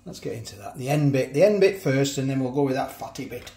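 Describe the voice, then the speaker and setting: A man's voice: medium pitch, expressive, fast talker, warm tone, roomy sound, slight background noise. A man chatting casually as he cooks and tastes food in a home kitchen. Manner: chatty, talks while chewing, frequent restarts. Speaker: food reviewer. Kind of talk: casual food review vlog.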